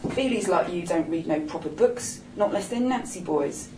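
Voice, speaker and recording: A woman's voice: fairly low pitch, animated, normal speed, a little mellow, a little hiss or hum, lightly acted. A woman voicing a streetwise older man, cheeky, coaxing and full of slang, in a storybook reading. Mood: mocking. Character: streetwise older gay man, wry and bossy. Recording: roomy echo, distant mic.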